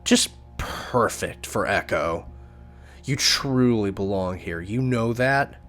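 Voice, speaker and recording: A man's voice: fairly low pitch, expressive, slow, a bit bright, faint music behind, full character voice. A man voicing a cold, curt young woman in a visual novel playthrough. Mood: scornful.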